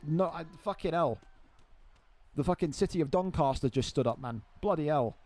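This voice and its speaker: A young man giving live play-by-play commentary on a video game fight, excitable and swearing freely as he banters with friends. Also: on the high side, normal speed, dry recording.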